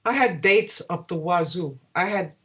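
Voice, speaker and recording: A woman singer-songwriter, a guest in an interview, telling stories in a lively way and acting out the dialogue she quotes. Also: lowish voice, moderate pace. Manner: animated, acts out quoted dialogue. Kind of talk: storytelling in a casual interview.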